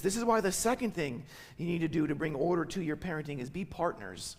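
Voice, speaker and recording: Male pastor, sermon delivery, high and gravelly, emphatic repetition, reverberant church hall. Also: normal speed. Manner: emphatic, repeats key phrases, tags lines with "right?". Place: church sanctuary.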